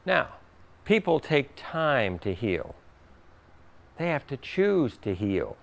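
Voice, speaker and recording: Male workshop teacher, animated, acts out quotes, gravelly and lively. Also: mid-range voice, slow pace, pauses often. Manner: animated, acts out quoted voices, laughs often. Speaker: spiritual teacher. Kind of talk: workshop talk with audience questions.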